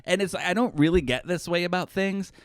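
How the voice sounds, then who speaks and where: A man's voice: high-pitched, fairly quick, clear, resonant tone, no room sound, clean studio sound. A man co-hosting a casual podcast, telling stories in a rambling way and often correcting himself. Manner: rambling storyteller, self-correcting. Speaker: podcast co-host. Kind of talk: casual chat.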